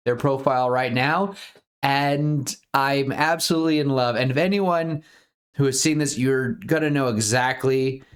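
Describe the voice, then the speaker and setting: Rambling, upbeat podcast woman. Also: extremely low pitch. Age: 30s. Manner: rambling, upbeat, laughs often. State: out of breath. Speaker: podcast co-host. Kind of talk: casual chat.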